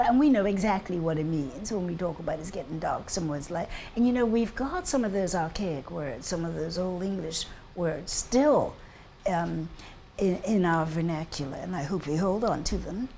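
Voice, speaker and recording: A woman's voice: on the low side, moderate pace, a little hiss or hum. An older woman from Bermuda with a Bermudian accent, talking emphatically and telling stories in a documentary interview. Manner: emphatic, animated storytelling.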